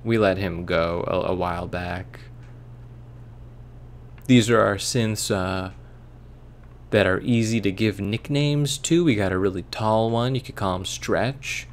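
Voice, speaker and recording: A man's voice: lowish voice, measured pace, pauses often. A man hosting a let's play, rambling, joking and swearing in casual gameplay commentary. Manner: rambling, joking, profane, puts on silly voices.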